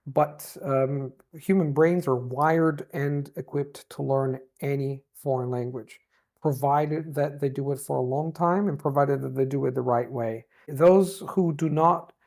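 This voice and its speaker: An Italian man, a native Italian speaker, talking as an interview guest in English with a nearly American accent, reflective and animated. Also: mid-range voice, a little slow. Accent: Italian-born, near-American English. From Italy. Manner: reflective, animated, demonstrates sounds. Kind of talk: interview conversation.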